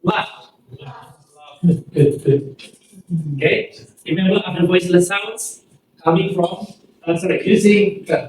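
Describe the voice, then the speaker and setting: Indonesian guy teaching english pronunciation, talks slow and repeats stuff, far off in a roomy classroom. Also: high-pitched, darkish tone, a little hiss or hum. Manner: slow, repeats words for students to echo. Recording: echoey room, far from the mic.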